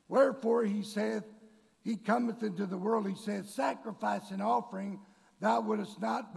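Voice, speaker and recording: A man preaching a sermon to his congregation, bursting into shouted, drawn-out emphasis and calling them folks and church. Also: sits high, vocal fry, husky. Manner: addresses the congregation directly. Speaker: pastor. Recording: long reverb of a large hall.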